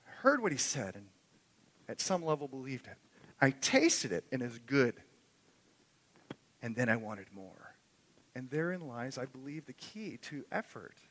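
A man preaching a sermon in earnest, swelling loud on key phrases and then dropping soft. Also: medium pitch, very animated, a little slow, long pauses. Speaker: pastor. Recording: long echo of a hall.

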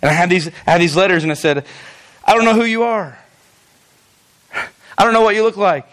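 A male pastor preaching a lively, conversational sermon, with frequent stammered restarts. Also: sits high, a little fast.

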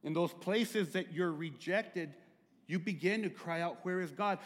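A middle-aged man preaching a sermon as pastor, moving between hushed, drawn-out phrases and loud, high-pitched crying out. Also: long reverb tail.

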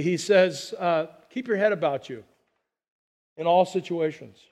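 A middle-aged pastor gives a conversational sermon full of chatty asides, his voice sitting high and dropping to a hush on calm phrases.

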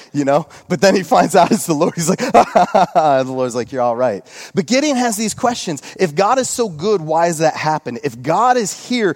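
A male pastor preaching a sermon at a church service, retelling a scripture story in a relaxed, joking way with lots of asides. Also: on the high side. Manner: casual storytelling with jokes and asides.

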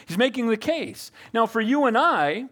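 A middle-aged male pastor preaching a sermon, calling for amens and moving between loud exhortation and quiet reflection. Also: very high voice, big pitch swings, moderate pace. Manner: preachy, calls for amens, shifts from loud to soft.

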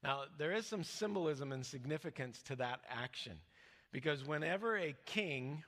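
A man's voice: lively intonation, moderate pace. Man preaching in a reverberant hall. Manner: conversational, with many fillers and restarts; drops soft and low when quoting scripture. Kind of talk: sermon teaching.

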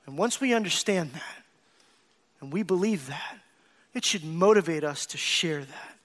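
A pastor preaching a sermon to his congregation, earnest, swelling into emphatic bursts and dropping to quiet, confiding asides, calling out to the church. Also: on the high side, lively intonation, unhurried. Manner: calls out to the congregation.

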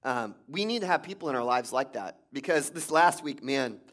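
A man's voice: medium pitch, animated, normal speed, a bit bright. A man, a pastor, giving a sermon in a conversational storytelling way with restarts.

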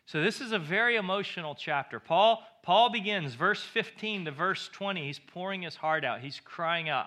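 A man's voice: high voice, lively intonation, normal speed, few pauses, bright, forceful tone. A male pastor preaching a sermon, emphatic and repeating phrases for stress.

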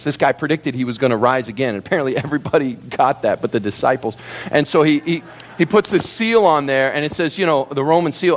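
A man preaching a sermon to a congregation, telling the story in an animated, theatrical way. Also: medium pitch, fairly quick. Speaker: pastor.

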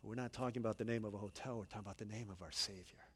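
A man preaching a sermon in a church, telling stories in an animated, conversational way. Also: fairly low pitch, racing, breathy edge, long reverb tail. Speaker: pastor. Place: church sanctuary.

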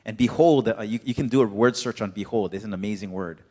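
Male pastor, lowish voice, casual rambling preaching, echoing hall. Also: quick pace, mellow. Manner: laid-back, chatty, full of "like". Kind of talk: casual sermon. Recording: reverberant hall.

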